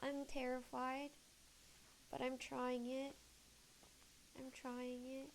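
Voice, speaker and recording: A woman's voice: high voice, monotone, slow pace, a little hiss or hum. A woman livestreamer chatting nervously with her viewers, thanking them as she talks. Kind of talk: casual livestream chat.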